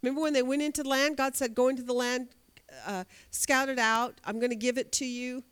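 Casting note: woman with a higher voice, Bible teacher quizzing her class and reading scripture. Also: fairly even intonation, fairly quick, fairly bright tone, clean tone. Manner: asks the class questions, reads scripture aloud. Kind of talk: Bible study lesson.

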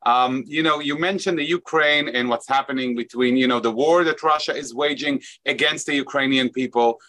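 A man hosts the interview, asking measured and articulate questions. His voice is bright and forward, at an ordinary male pitch.

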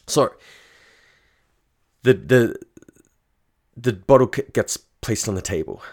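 A man's voice: medium pitch, expressive, takes it slowly, darkish tone. A man telling a frank, casual first-person story, swearing freely.

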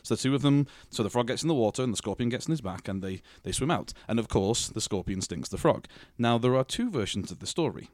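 A man's voice: mid-range voice, animated, fast talker, hardly any pauses, darkish tone, dry recording. A man co-hosting a podcast, chatting casually and telling a rambling story with self-deprecating jokes. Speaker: podcast co-host. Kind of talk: casual chat.

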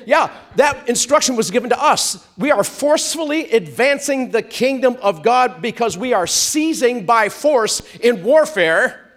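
A man preaching a sermon, stretching out words for emphasis and drawing responses from the congregation. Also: sits high. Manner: animated, drawn-out emphatic preaching with call-and-response. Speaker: pastor.

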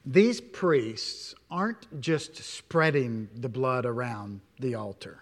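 A male pastor preaching a sermon in a church, stressing words loudly, then dropping to hushed asides, with many rhetorical questions. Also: mid-range voice, lively intonation, slow pace, hardly any pauses. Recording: long hall reverb.

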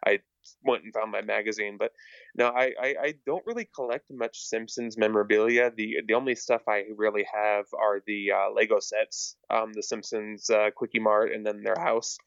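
A man's voice: fairly low pitch, fairly even intonation, normal speed, vocal fry, fairly bright tone, clear, resonant tone, no room sound, lo-fi sound. A man chatting casually as a podcast guest, hesitant and often repeating his words with many fillers. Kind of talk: casual chat.

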